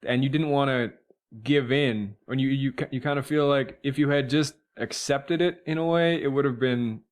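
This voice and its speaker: Man, podcast host, casual interview, relaxed, mid pitch. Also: moderate pace, smooth. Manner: relaxed, gives short listening murmurs and laughs.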